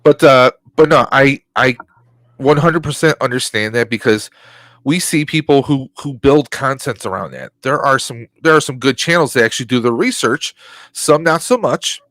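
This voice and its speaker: A man's voice: mid-range voice, animated, moderate pace, fairly bright tone, dry recording. A man co-hosting a casual podcast chat, delivering rambling, opinionated rants. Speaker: podcast co-host.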